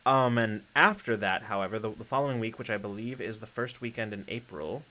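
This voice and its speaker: A man's voice: on the low side, a little fast, bright, forceful tone, a little hiss or hum. A man hosting a live-streamed podcast, rambling through announcements with lots of fillers and easy laughter. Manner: rambling with many fillers and restarts; laughs easily. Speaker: podcast host. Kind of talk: casual livestream chat.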